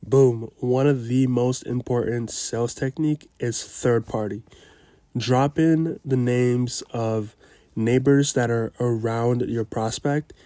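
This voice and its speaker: A man explaining a door-to-door sales pitch step by step, in a coaching tone, marking each step with a quick "boom.". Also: steady tone, dark tone. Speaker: sales trainer. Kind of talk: instructional breakdown of a sales pitch.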